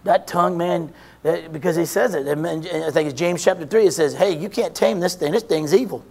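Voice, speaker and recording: A man preaching a sermon, asking and answering his own questions, shouting at times and then dropping low. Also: a little fast, vocal fry.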